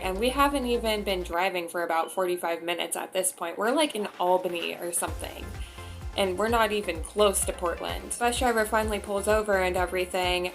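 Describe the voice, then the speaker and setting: A woman's voice: on the low side, fairly bright tone. A young woman vlogger telling a story casually in a chatty way, with lots of filler words.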